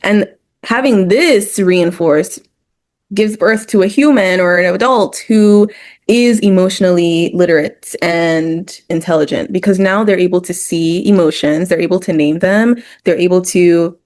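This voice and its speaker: A woman's voice: lowish voice, a little slow, darkish tone. A woman speaking as a therapist guest in an educational discussion, explaining ideas point by point and sometimes acting out short quoted voices.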